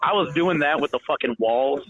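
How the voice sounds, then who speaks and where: A man's voice: fairly high pitch, brisk. Young man telling stories over a tinny line. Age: young adult. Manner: animated, swearing, acts out quotes loudly. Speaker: guest storyteller. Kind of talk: casual storytelling. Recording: tinny phone-line audio.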